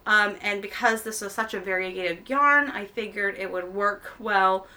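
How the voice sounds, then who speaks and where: Bright and forceful, her mid-range voice keeps a normal speed. She's the American-raised host of a knitting podcast, chatting loosely at home on a camera mic while she knits, with ums and frequent self-corrections.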